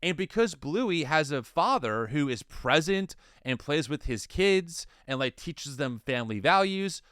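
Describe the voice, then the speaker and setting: A man in his thirties co-hosting a casual commentary podcast, animated and incredulous, often restarting his sentences. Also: fairly high pitch, a little slow, few pauses, clean tone, dry recording, clean studio sound. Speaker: podcast co-host.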